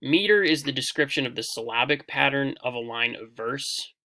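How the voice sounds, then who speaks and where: A young man teaches a poetry lesson over slides, his very bright voice carrying a gravelly rasp. He explains loosely, circling back with fillers and restarts as he goes. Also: medium pitch, normal speed.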